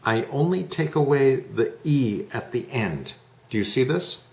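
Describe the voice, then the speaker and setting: A male English teacher speaking slowly and patiently, drawing out each vowel as he models it. His voice sits in a middle pitch range. It rings in an echoey room. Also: lively intonation, darkish tone. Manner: slow, patient, drawn-out modelling of sounds. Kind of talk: online one-to-one lesson.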